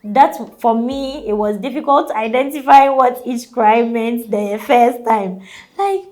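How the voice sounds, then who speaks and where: A young mother with a Ghanaian English accent chats casually in an interview, sprinkling in lots of "like" and light laughter. Her voice is fairly high with a darkish tone, and she speaks at a measured pace over soft background music.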